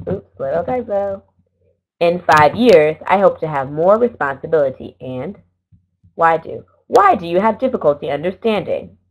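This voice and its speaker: A middle-aged woman teaching an English lesson, explaining slowly and carefully and correcting herself now and then. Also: sits low. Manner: slow, careful explaining with small self-corrections. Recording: dull lo-fi recording.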